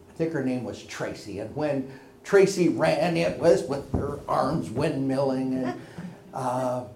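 A man telling a folksy personal story, with gentle chuckles and hushed tender moments. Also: mid-range voice, roomy sound, slight background noise. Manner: folksy and warm, drops to a hush for tender moments. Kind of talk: personal anecdote told to listeners.

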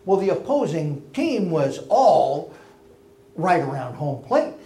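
A man telling a folksy personal story, with gentle chuckles and hushed tender moments. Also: on the high side, sing-song, slow, echoey room. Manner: folksy and warm, drops to a hush for tender moments. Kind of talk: personal anecdote told to listeners.

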